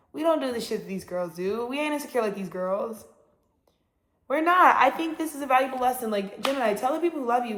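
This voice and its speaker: A woman's voice: a little high, reverberant. A woman giving a casual, rambling tarot reading, talking bluntly and swearing freely. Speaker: tarot reader.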